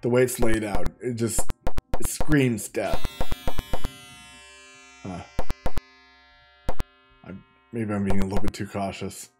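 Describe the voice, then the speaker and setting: Talking over music, a man with a fairly low voice plays through a game slowly, pausing often. As host of this casual let's-play, he thinks aloud and reads the on-screen text, stumbling and starting over.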